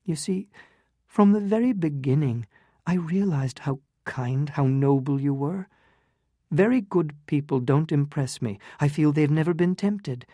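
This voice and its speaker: Storybook heroine, read aloud by a narrator as a proud, heartbroken young woman pleading with her lover; keep it slow and close. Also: low-pitched, dark tone, no room sound, pitched above the performer's own voice. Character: proud, wounded young countess in love.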